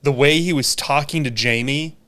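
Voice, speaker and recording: A man's voice: a little high, moderate pace, smooth. Laughing, swearing man telling stories. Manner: animated storyteller, swears and laughs often. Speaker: musician guest. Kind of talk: casual chat.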